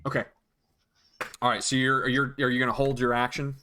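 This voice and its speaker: A man's voice: mid-range voice, little pitch movement, fairly quick, pushed and bright, slight background noise. A man acting as dungeon master, patiently explaining rules and counting out moves in casual chat. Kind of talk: narrating a tabletop game.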